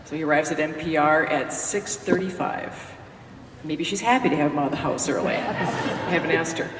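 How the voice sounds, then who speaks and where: A woman's voice: low-pitched, fairly quick, noisy background. A woman who hosts a radio morning show gives a folksy, joking tribute speech at a podium in a lecture hall. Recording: echoey hall from far off.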